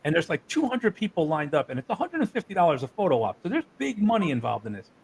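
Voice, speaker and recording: Husky-voiced profane man telling stories. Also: on the high side, fast talker, rough recording. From New Jersey. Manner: profane, animated storyteller. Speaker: wrestling promoter. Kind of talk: casual storytelling interview.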